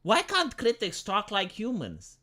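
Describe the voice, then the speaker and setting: A man streaming live, reacting to film reviews with sarcastic, profane rants and halting restarts. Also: high voice, wildly swooping pitch, bright, forceful tone. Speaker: livestreamer.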